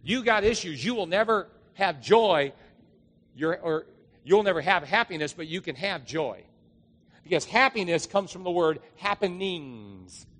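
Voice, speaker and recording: Man, pastor, chatty storytelling sermon, slightly high voice, echoing church hall. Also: lively intonation, measured pace, a bit bright. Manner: conversational, storytelling, emphatic rises.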